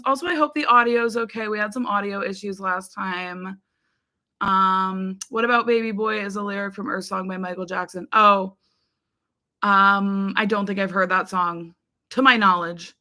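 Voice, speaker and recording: Greeting her viewers by name with frequent ums, this American livestream host chats loosely while reading comments. Her medium-pitched voice sounds bright and forceful.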